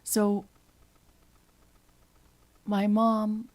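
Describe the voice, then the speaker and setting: A woman's voice: medium pitch, completely flat delivery, drawn-out words, a little mellow. A woman at a live open mic, telling a rambling personal story off the cuff and acting out family talk. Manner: rambling, laughs often, acts out family talk. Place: live venue.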